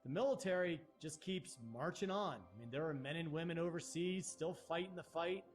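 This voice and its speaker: Male host, upbeat and thankful, slightly high voice, faint music behind. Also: moderate pace. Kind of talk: interview hosting.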